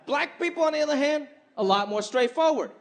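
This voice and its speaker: A man performing an animated stand-up set, switching in and out of impressions of the people in his stories. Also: very high-pitched, brisk, gravelly. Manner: animated, shifts between impressions. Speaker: stand-up comedian. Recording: live club set with crowd laughter and noise.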